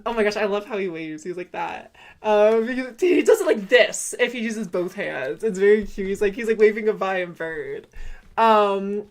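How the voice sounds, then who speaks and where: Valley girl streamer chick, young, rambles w tons of ums and restarts, giggles a lot. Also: medium pitch. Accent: Californian Valley Girl. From California. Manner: rambling, with many fillers and self-corrections. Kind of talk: casual live gameplay chat.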